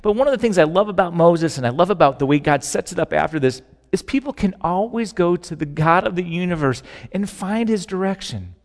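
Middle-aged male pastor, slightly high voice, animated conversational sermon, live church hall reverb. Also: fairly quick, hardly any pauses. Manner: conversational, animated preaching with shifting volume. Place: large church sanctuary.

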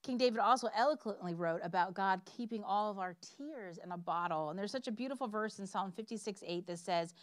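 A woman's voice: medium pitch, brisk, few pauses, no room sound, clean studio sound. A woman preaching a sermon in an earnest, emphatic way, reading scripture and telling personal stories.

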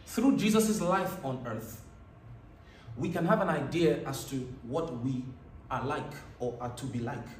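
A man's voice: medium pitch, lively intonation, measured pace, slight background noise. Echoey preacher man, raised scripture reading. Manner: reads scripture in a raised, emphatic voice. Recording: echoey room, mic at a distance.

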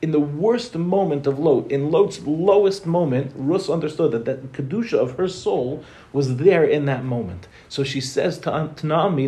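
Lively man teaching a Torah class. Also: a little high. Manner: quick, joking, asks rhetorical questions.

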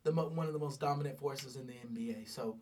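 A young man co-hosting a casual sports podcast, whiny and exasperated, now and then bursting into loud outcries. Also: mid-range voice, fast talker, slight background noise. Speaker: podcast co-host, Lakers fan.

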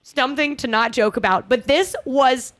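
A woman in her twenties hosting a podcast, telling a dating story in casual chat with lively, dramatic retelling. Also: high-pitched, normal speed, dry recording. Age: 20s. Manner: animated, dramatic retelling with laughter. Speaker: podcast host.

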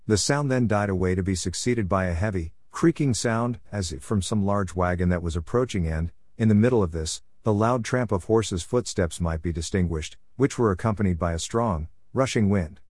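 A man reading a ghost story aloud in a measured, solemn narration style. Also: low-pitched, a little mellow, no echo. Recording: dry close recording.

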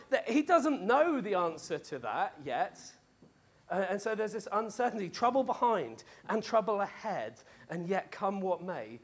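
High-voiced jokey male preacher. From Wales lived in, not grown up. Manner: jokey, conversational, lots of fillers and laughs. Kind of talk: lively sermon.

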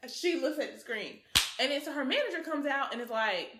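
Animated woman co-host, high lively voice, roomy echo. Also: fairly quick, background noise. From Nigeria. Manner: animated, laughing, breaks into song. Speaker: podcast co-host. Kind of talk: casual chat.

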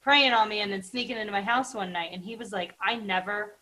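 A woman's voice: medium pitch, quick pace, sharp tone, rough recording. A woman hosts a casual podcast conversation and tells her own stories. She talks in a chatty way, with plenty of filler words and an easy pace.

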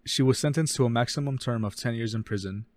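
A man co-hosting a casual true-crime podcast, reading case details fast and often stumbling and correcting himself. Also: mid-range voice, a little mellow, no room sound. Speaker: podcast co-host.

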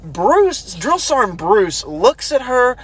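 Animated man swapping army stories. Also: sits high, takes it slowly, crowd noise. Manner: animated, swearing, shouts quoted drill sergeants. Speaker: former army recruit telling stories. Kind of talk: casual storytelling chat.

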